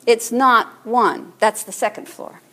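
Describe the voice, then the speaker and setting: A woman priest giving a sermon in a relaxed, conversational teaching manner, drawing the congregation in to repeat words. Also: fairly high pitch, slow pace.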